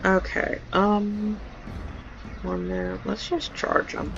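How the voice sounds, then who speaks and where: Gravelly-voiced sleep-deprived gamer man. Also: sits high, little pitch movement, slow pace, fairly bright tone, muffled recording, a little hiss or hum. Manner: rambling, self-correcting asides. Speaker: let's play gamer. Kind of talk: let's play commentary and reading game text aloud.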